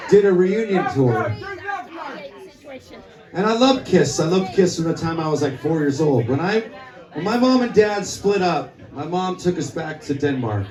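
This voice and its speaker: A man's voice: a little high, big pitch swings, a little slow, pauses often. A man who plays music, telling a long, rambling, swear-filled anecdote to a crowd from the stage of a small club. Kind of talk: onstage storytelling at a live gig. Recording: echoey club, from a distance.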